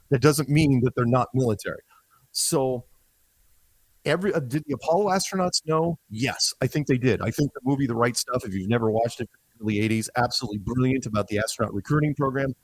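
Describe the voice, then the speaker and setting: A man talking as a podcast guest in a relaxed conversational way, often acting out quoted voices as he tells his stories. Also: medium pitch, husky, no echo, low-quality recording. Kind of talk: conversational explanation.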